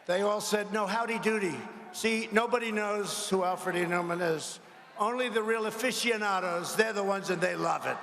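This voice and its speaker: A man with a high, bright voice speaks from a podium mic in a large arena. He rambles and mocks his rivals, stopping often to ask the crowd for agreement. His voice carries through a long echoing hall over faint crowd noise. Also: normal speed, vocal fry. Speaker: politician at a rally. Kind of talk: campaign rally speech.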